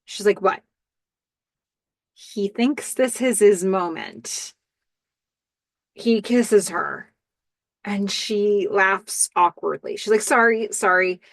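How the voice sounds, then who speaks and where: A middle-aged woman hosting a podcast, giving an animated, enthusiastic recap of a TV episode. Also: mid-range voice, slow, no room sound. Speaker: podcast host.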